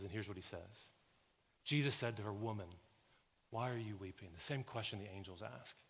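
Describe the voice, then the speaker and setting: A man in his thirties with a Southern American accent, preaching a sermon and telling stories, swinging from hushed lines to loud, animated bursts. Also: mid-range voice. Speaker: pastor. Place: large church sanctuary. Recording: long hall reverb.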